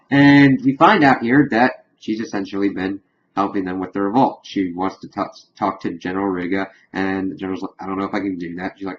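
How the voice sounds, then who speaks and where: Low-voiced man recapping a show, lo-fi. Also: steady tone, fairly quick, slight background noise. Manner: retells scenes loosely with "he's like" quotes and fillers. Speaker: TV show reviewer. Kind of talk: casual spoiler recap review.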